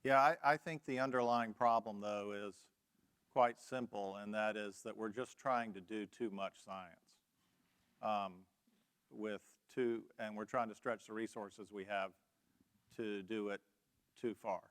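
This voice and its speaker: A man's voice: lowish voice, fairly even intonation, unhurried, a bit bright, smooth. A man on a panel discussion, speaking directly and plainly.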